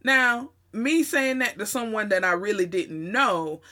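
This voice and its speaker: Southern woman telling her own story, bright clear voice, chatty with punchy asides. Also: mid-range voice, lively intonation, measured pace. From Southern United States. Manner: conversational, with emphatic asides and restarts. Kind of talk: personal storytelling monologue.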